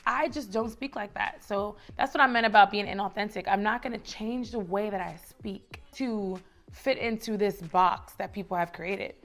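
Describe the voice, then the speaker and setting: A woman's voice: medium pitch, normal speed, few pauses, fairly bright tone. A young woman from the Bronx with a New York accent, giving casual lifestyle advice in a chatty, emphatic way. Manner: chatty, emphatic, repeats phrases for rhythm. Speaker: lifestyle vlogger.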